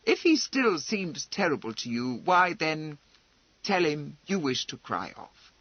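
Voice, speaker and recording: A man's voice: on the high side, big pitch swings, no room sound, dull audio. Man voicing a proud, wry noblewoman. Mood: brisk. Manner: brisk, wry, commanding.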